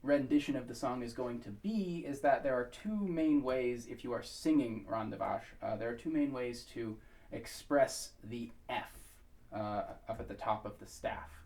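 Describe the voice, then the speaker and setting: An American man giving a relaxed spoken pronunciation tutorial. He talks thoughtfully, with many pauses and fillers, and now and then sings short syllables to demonstrate. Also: mid-range voice, distant mic. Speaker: pronunciation instructor.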